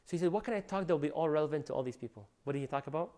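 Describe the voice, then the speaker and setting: Man preaching, fast delivery, fairly high voice, animated and emphatic. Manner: animated preaching, rising to loud emphasis, sprinkled with Arabic phrases. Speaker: Islamic lecturer. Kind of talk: religious lecture.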